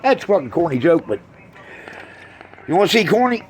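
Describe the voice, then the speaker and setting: A man doing a crude, brash stand-up routine on a club stage, swinging from loud jabs to low mutters. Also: big pitch swings, fairly quick, a little hiss or hum. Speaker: stand-up comedian.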